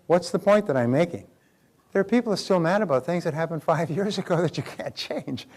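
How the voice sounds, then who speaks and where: A man's voice: a little high, expressive, fairly quick, a little mellow. An older man giving a live motivational seminar lecture, speaking emphatically and putting rhetorical questions to the audience.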